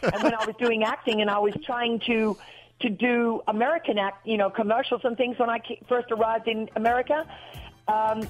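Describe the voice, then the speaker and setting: A woman from Australia with an Australian accent, calling in and telling rambling, animated stories in casual chat. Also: fairly high pitch, brisk, soft background music, low-quality recording. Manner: chatty, rambling, animated storytelling. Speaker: caller.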